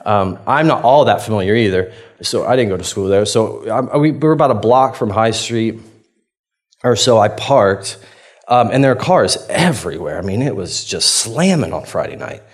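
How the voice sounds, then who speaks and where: Laughing, chatty pastor. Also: male voice, on the low side, lively intonation, normal speed. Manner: chatty, self-deprecating, laughs often, acts out his own reactions. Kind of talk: conversational sermon with a personal story.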